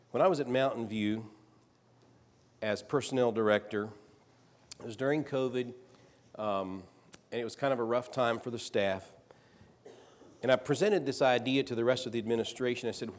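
A man preaching a sermon, reading scripture aloud and rising louder on the quoted lines. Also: medium pitch.

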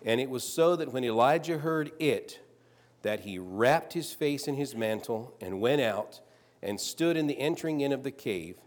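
A man preaching a sermon, reading scripture aloud and rising louder on the quoted lines. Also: medium pitch, lively intonation, moderate pace.

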